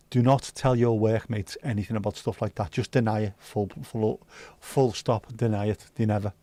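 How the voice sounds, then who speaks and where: With a mellow voice on the low side, a man hosts a livestream at a moderate, steady pace, with no room sound in the recording. He's laid-back, bantering and swearing freely as he responds to what viewers comment.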